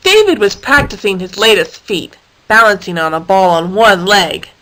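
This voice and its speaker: A woman's voice: mid-range voice, animated, normal speed, fairly bright tone. A playful woman reading a children's story. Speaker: narrator.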